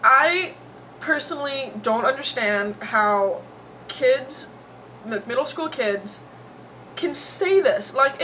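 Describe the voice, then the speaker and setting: A woman's voice: a little high, bright, forceful tone, slight background noise, poor audio. A young woman vlogging to her camera, emotional and teary, rambling with lots of fillers. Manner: emotional, rambling, heavy on "like" and "you know". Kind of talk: casual vlog commentary. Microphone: camera mic.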